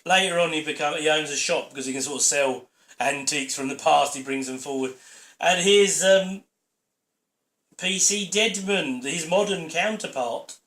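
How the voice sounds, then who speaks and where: A man's voice: fairly high pitch, moderate pace, a bit bright. A man giving a rambling, opinionated audio commentary over a sitcom episode on his channel. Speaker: channel host. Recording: roomy echo.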